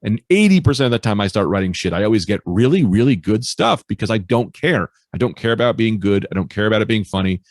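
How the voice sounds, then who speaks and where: Deep gravelly-voiced male comedian. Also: fast talker, hardly any pauses, dry recording, clean studio sound. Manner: animated storyteller, swears freely, acts out quoted voices. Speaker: stand-up comedian, podcast guest. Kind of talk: casual interview chat.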